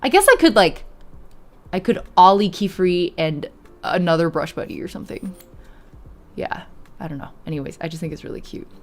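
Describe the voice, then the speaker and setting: A woman's voice: fairly low pitch, expressive, normal speed, pauses often. A young woman streamer chatting casually with her viewers, giggling often and reading chat aloud.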